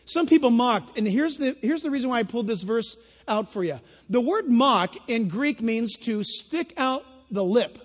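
A man preaching a sermon, lively and animated, acting out little voices and laughing at his own jokes. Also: extremely high pitch, normal speed, hardly any pauses. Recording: long hall reverb.

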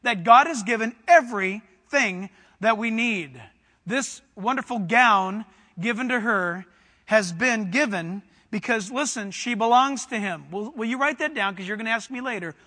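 High, bright-voiced preacher in a reverberant hall. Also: male voice, moderate pace. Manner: fervent, builds to shouting; addresses congregation directly with questions. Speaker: pastor. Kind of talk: sermon.

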